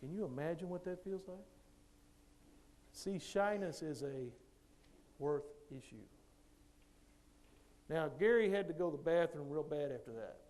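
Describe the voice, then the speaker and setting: High-voiced animated male speaker. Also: a little slow, pauses often. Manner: animated storyteller who acts out dialogue. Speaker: motivational speaker and coach. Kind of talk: motivational speech to teachers.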